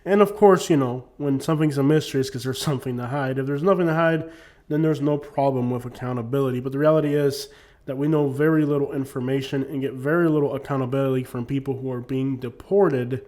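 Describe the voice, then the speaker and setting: Fast and mellow, a man with a medium-pitched voice talks to camera as a YouTuber, offering his opinions casually. He rambles, leaning heavily on fillers such as "you know what I'm saying."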